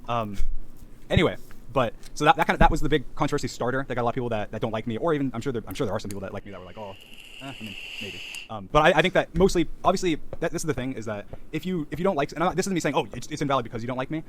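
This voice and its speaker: A man's voice: medium pitch, animated, very fast, slight background noise. A man explaining himself in a casual monologue, talking defensively with many ums and restarts. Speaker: content creator in a played clip.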